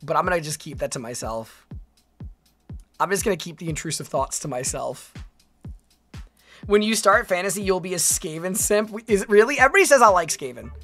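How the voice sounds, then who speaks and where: A woman's voice: fairly low pitch, animated, brisk, long pauses, fairly bright tone, soft background music. A young woman streaming casually, reading her chat aloud and reacting with chatty restarts.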